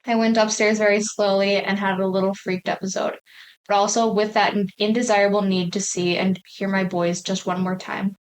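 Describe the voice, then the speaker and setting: A woman's voice: medium pitch, little pitch movement, normal speed, low-quality recording. A woman hosts a podcast in a loose, conversational way. She reads a listener's story aloud without having read it first and reacts to it with plain sympathy. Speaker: podcast host. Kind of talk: casual chat and reading stories aloud.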